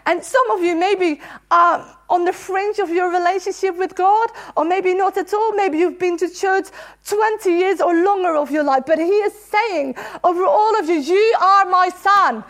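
Very high-voiced woman preaching earnestly. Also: normal speed. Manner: earnest and emotional, laughing between phrases. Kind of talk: sermon.

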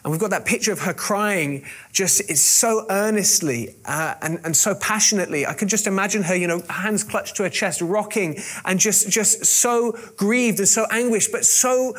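A man's voice: high-pitched, normal speed, fairly bright tone, slightly rough. A man preaching a sermon, retelling a scripture story with wry joking asides and frequent fillers and restarts.

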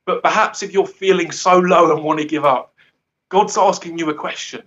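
A man's voice: on the high side, moderate pace, a bit bright, dull audio. A man giving an earnest, rambling devotional talk who often laughs at himself. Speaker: guest speaker.

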